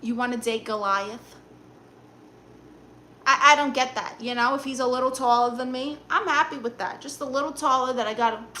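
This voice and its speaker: A Brooklyn-accented woman voices an outspoken aunt on a live stream, reading viewers' comments and dispensing dating advice with sass and rapid-fire comebacks. Her high voice sounds pushed and bright, over a slight background noise.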